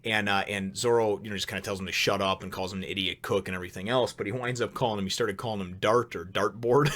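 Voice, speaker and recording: A man hosting a casual spoken review, chatty and rambling, who laughs often and gets excitable. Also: lowish voice, fast talker. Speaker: manga chapter reviewer, show host.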